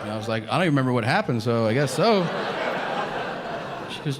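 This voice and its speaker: A man in his thirties doing a stand-up comedy set, telling animated stories and acting out both sides of each conversation. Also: medium pitch, fast talker, long pauses. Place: comedy venue stage with audience laughter. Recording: live stage audio with audible background noise.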